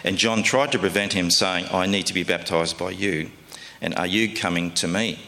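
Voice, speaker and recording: A man's voice: deep voice, moderate pace, gravelly, sharp tone, in a large hall, slight background noise. A man preaching a sermon in a conversational, folksy way, often asking his listeners questions.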